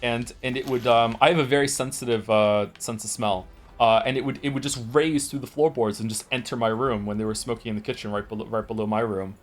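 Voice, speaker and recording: A man's voice: medium pitch, fairly even intonation, quick pace. Rambling, profane man in his forties. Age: 40s. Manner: rambling, profane storytelling with many restarts. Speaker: streamer. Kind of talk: casual chat.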